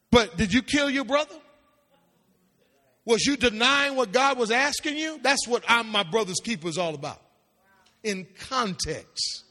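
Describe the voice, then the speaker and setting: Male pastor-teacher with a high voice, animated preaching cadence, in a reverberant hall. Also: moderate pace. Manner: animated, calls out to the audience, sing-song rises into shouts. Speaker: pastor teaching a seminary class. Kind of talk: preaching-style Bible teaching.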